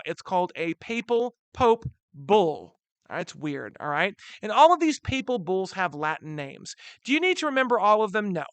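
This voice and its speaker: In a recorded history lecture, a high-voiced man teaches in a chatty, animated style, addressing his students as guys and tossing in slangy asides. There is no echo on the recording.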